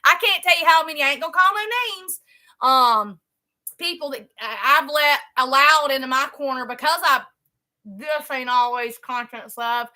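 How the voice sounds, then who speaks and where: Bright high chatty woman. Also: normal speed. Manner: chatty, folksy, repeats herself, talks to viewers as "y'all". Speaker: live-stream host. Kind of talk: casual live-stream chat. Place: home, a trailer.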